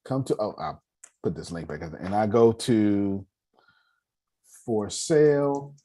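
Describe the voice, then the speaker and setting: Animated low-voiced man teaching money. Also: unhurried. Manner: animated, calls on listeners, joking, lots of restarts. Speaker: meeting host teaching personal finance. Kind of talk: casual teaching talk.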